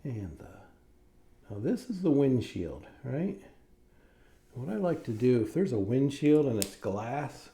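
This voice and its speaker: A middle-aged man walks children through a drawing lesson step by step. He speaks slowly and encouragingly, with a warm, mellow tone. His voice stays at a moderate pitch as he keeps checking in with his young audience. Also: sing-song, vocal fry. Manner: friendly, encouraging, asks "right?" often. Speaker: cartoonist teaching drawing.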